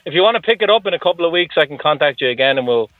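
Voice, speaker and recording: A man's voice: a little high, lively intonation, very fast, no echo. Man interviewer on a tinny line. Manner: brief friendly backchannel. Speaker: podcast host, interviewer. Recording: dry, tinny phone line.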